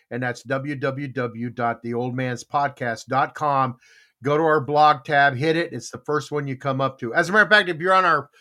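A man hosting a casual podcast, teasing his guests and telling funny stories. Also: sharp tone. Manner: jokey, teasing, with high-pitched exclaims. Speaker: podcast host.

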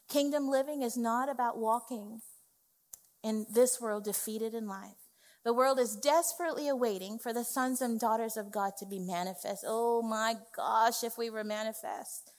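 A woman executive pastor preaching a sermon, emphatic and conversational, often checking in with "okay", recorded in a church sanctuary. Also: fairly high pitch. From West Indies family. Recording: long hall reverb.

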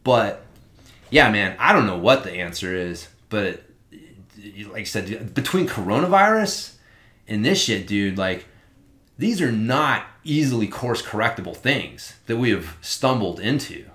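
A man in casual podcast chat, talking in an animated, rambling way and swearing often. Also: lowish voice, a little slow. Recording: roomy echo.

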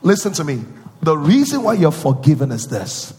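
A male preacher giving a sermon, repeating phrases and questioning his listeners, rising from quiet teaching into sung and shouted peaks. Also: on the high side, wildly swooping pitch, moderate pace, long reverb tail.

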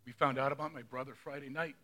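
A man's voice: medium pitch, steady tone, quick pace, pushed and bright. A middle-aged male pastor preaching a sermon in a conversational way, often asking the congregation questions.

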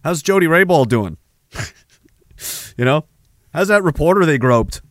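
Male podcast host from Canada, taunting profane rant, slightly high voice, dead-dry sound. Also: lively intonation, unhurried, dry recording. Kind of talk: ranting political commentary.

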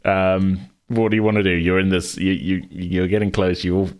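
A man's voice: low voice, flat delivery, normal speed, smooth. A man narrating as game master of a tabletop role-play, with dry, laughing asides.

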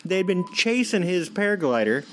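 A young adult man co-hosting a podcast, telling stories in a loose, profane, animated way. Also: high voice, normal speed. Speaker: podcast co-host. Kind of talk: casual chat.

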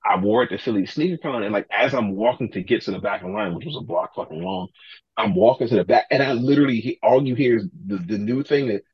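A man, a podcast guest, telling animated stories in casual talk, acting out other people's lines and swearing freely. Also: medium pitch, fast, breathy edge, no room sound, dull audio. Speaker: podcast guest, sneaker collector. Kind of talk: casual storytelling.

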